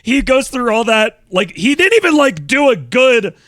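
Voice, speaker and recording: A man talks on stream in a lively, swooping voice, blunt and openly disbelieving, with some swearing. His tone is bright and forceful. The sound is dry and close. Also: very high voice, normal speed, dry recording. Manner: blunt, incredulous, swears freely. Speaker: streamer host. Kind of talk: casual stream commentary.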